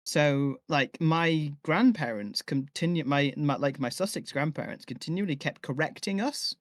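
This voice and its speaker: A man with a soft northern English accent touched by southern influence, chatting casually and laughing through his stories. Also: a little high, moderate pace, no echo, clean studio sound. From England. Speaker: audio drama actor. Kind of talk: casual panel chat.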